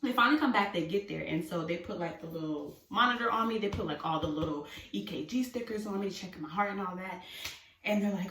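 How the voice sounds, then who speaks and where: A woman vlogger in a casual storytime, talking at a middling pitch. She is animated, swears freely and throws herself into acting out her own panic. Her voice sits back from the mic, with a roomy echo around it. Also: fast, distant mic, slight background noise. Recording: roomy sound from away from the mic.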